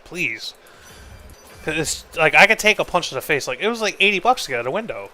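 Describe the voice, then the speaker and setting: A man chatting while he streams a game. His voice is bright and forward, and he rambles through a story packed with swearing and filler words. He jumps in and out of voicing each person in the story as he goes. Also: a little high, sing-song, a little fast, faint music behind. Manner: rambling, profane, leans heavily on 'like'; acts out both sides of quoted exchanges. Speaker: streamer and host. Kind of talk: casual storytelling while gaming.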